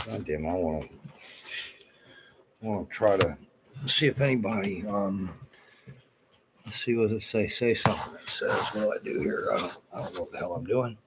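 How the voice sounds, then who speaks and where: Low-voiced flustered older man, muttering. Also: normal speed, pauses often, background noise. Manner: swearing, flustered, talking to himself. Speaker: livestream host. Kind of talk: rambling casual livestream.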